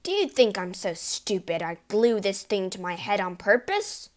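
A woman voicing a blustering, shifty middle-aged father who shouts indignantly in a storybook reading. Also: medium pitch, big pitch swings, normal speed, lightly acted. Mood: angry shouting.

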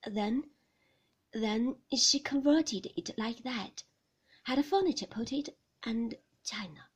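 A woman reading the part of a reserved, uneasy man who answers quietly and reluctantly in a storybook reading. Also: fairly high pitch, lively intonation, takes it slowly, breathy edge, exaggerated voice.

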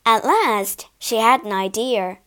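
A woman narrating a storybook for English learners, reading slowly, clearly and expressively. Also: a little high, lively intonation, a bit bright.

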